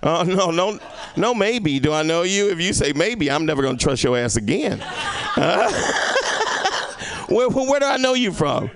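A man's voice: high-pitched, big pitch swings, a little slow, noisy background. A male stand-up comedian doing a rambling, profane set and teasing the audience. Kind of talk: stand-up set with crowd work.

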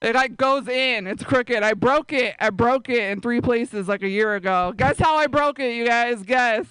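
A woman's voice: on the high side, normal speed, fairly bright tone, smooth, no echo, rough recording. A woman doing a stand-up set on stage, telling a story in a chatty way and laughing at her own jokes. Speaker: stand-up comedian. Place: comedy show on stage.

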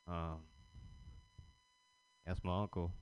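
A man's voice: sits low, little pitch movement, slow pace, smooth, rough recording. A man doing a stand-up set, telling crude stories in a loose, rambling way. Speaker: stand-up comedian. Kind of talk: stand-up set at an open mic.

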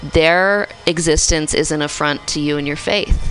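Thoughtful woman with a lowish voice. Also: unhurried, faint music behind, poor audio. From US Midwest. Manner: thoughtful, restarts often, laughs easily. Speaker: radio show co-host. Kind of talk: casual conversational talk. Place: small radio studio.

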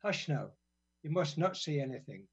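A man from Britain reading his own poems on community radio, relaxed and wry between blunt, sweary verses. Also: on the high side, normal speed, vocal fry, husky. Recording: dull lo-fi radio sound.

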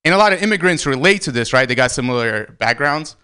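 Bright, crisp-voiced stand-up man from Armenia. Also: medium pitch, animated, fast talker. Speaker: stand-up comedian. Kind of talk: stand-up set.

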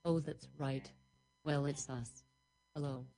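A cheeky talking water droplet chatters away in a storybook tale, voiced by a woman. Its voice sits low and is full of folksy, teasing asides. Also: fairly even intonation, takes it slowly, creaky, mellow, soft background music, full character voice, poor audio. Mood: chatty. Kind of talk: improvised storytelling.

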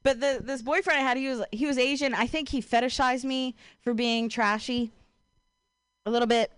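A young woman from Ohio doing a stand-up comedy set, casual and profane, with a deadpan delivery broken by her own laughs. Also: on the high side, moderate pace, clean tone, no echo.

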